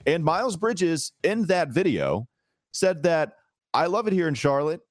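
A man's voice: fairly high pitch, big pitch swings. A man hosting a sports podcast, chatting casually and teasing his co-host. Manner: teasing, laughs often, brisk ad reads.

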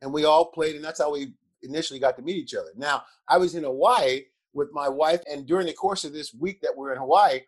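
An older man, a guest in an interview, telling animated anecdotes with chuckles and repeated words. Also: on the high side, a little fast, few pauses. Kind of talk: animated storytelling.

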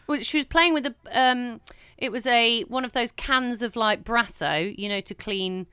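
A young woman co-hosting a podcast, telling stories in an animated, chatty way with swearing and laughter. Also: on the high side, moderate pace, clear, resonant tone, dry recording, clean studio sound. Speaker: podcast co-host. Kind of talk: casual chat.

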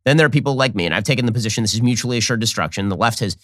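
A man hosting an interview, laying out competing arguments in a brisk, argumentative way. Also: medium pitch, lively intonation, a bit bright, dry recording, clean studio sound. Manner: rapid, argumentative, lays out positions. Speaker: podcast host. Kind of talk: interview discussion.

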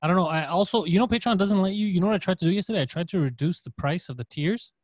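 A man's voice: high-pitched, very fast, dry recording. A man in a casual podcast chat, talking in scattered bursts with casual swearing. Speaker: comedian podcast host.

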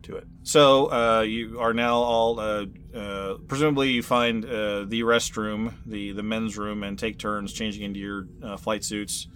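A man narrating a sci-fi tabletop game as game master, relaxed and full of fillers. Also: lowish voice, unhurried, hardly any pauses.

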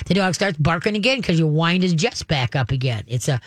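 A man's voice: fairly high pitch, fast talker, few pauses, no echo, studio quality. A man hosting a call-in radio show on pet advice, talking in a folksy, rambling way with many fillers and restarts. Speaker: radio pet expert host.

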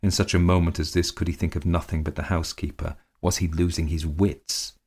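A man reading a classic short story aloud in a measured, unhurried way. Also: low-pitched, little pitch movement, a little mellow, husky. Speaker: narrator.

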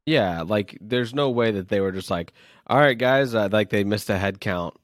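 Low-voiced laid-back male podcast co-host. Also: dry recording. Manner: relaxed, hesitant, halting restarts. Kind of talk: casual sports chat. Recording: dry close-mic sound.

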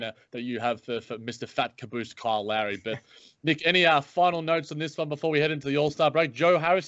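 A man hosting a sports podcast, chatting in an animated, joking way with playful asides. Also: medium pitch, no echo. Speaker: podcast host. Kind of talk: casual sports podcast chat. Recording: dry, dull lo-fi audio.

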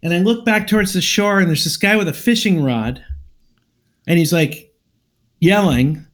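A man's voice: sits high, moderate pace. A man casually telling a long personal story on a podcast, acting out both sides of an argument.

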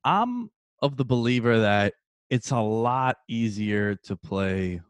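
A man in his early thirties hosting a casual sports chat, telling stories with animated energy, swearing and calling his co-host dude. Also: medium pitch, slow pace, clear, resonant tone, no room sound.

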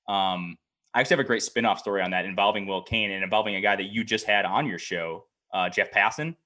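A man co-hosting a casual podcast, telling anecdotes in a quick, conversational way. His voice is fairly low, and the words tumble out at a brisk clip. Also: bright, forceful tone. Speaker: podcast co-host. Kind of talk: casual chat.

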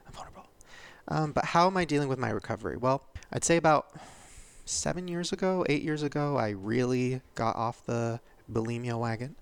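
A podcast host in his thirties gives a confessional monologue in a medium-pitched, creaky yet smooth voice at a brisk pace. He speaks candidly and vulnerably, tearing up and laughing as he goes.

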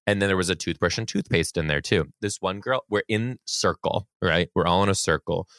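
A man's voice: sits low, fairly quick, fairly bright tone, dry recording, studio quality. A young man on a podcast, animatedly retelling a story from his teaching days, swearing and getting worked up. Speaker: podcast co-host, former teacher. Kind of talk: casual storytelling chat.

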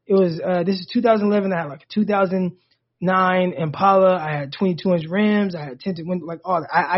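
Man, 30s, podcast co-host, high voice, casual animated storytelling, dull lo-fi audio. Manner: animated, rising sharply when indignant. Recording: dull lo-fi sound.

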